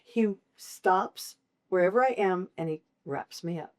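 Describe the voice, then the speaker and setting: A middle-aged woman with a fairly low voice shares her caregiving life as a guest in an interview. She tells it like a storyteller, bursting into high-pitched quoted voices now and then before settling back into easy conversation. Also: a little slow. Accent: Southern American. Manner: animated storyteller, acts out quoted voices with big pitch jumps.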